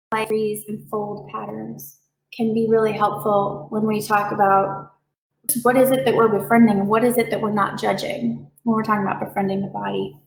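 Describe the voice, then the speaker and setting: A woman giving a calm, reassuring talk as a reiki practitioner, with playful voiced asides. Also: a little high, echoey room, rough recording. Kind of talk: gentle explanatory talk.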